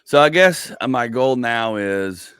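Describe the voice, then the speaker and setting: A man's voice: medium pitch, animated, measured pace, a bit bright, smooth, no echo, studio quality. A man in his forties hosting a casual comedy podcast, telling rambling stories full of "like" and acted-out asides. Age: 40s. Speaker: podcast host.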